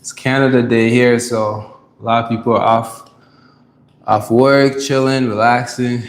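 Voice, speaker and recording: A man's voice: mid-range voice, little pitch movement, a little slow, slight background noise. A man from Ghana chatting live with viewers during his gym workout, greeting them by name and hyping them up. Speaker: fitness livestreamer. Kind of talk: live workout stream chat.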